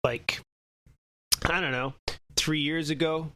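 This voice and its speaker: Male co-host, casual rambling rant, slightly high-pitched. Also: steady tone, slow pace, sharp tone, slight background noise. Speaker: podcast co-host. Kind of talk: casual chat.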